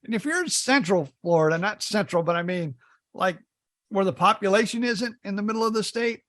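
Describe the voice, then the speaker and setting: A man's voice: high-pitched, fairly quick, fairly bright tone. A middle-aged man from Indiana co-hosting a podcast, telling folksy stories in casual chat. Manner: storytelling, folksy, repeats words when starting. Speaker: podcast co-host.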